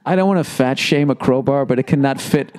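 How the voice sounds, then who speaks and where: A man's voice: mid-range voice, a little fast, a little mellow. A man, hosting a podcast and reading ads sarcastically, riffing off the copy with swearing. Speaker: podcast host. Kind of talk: casual podcast ad read.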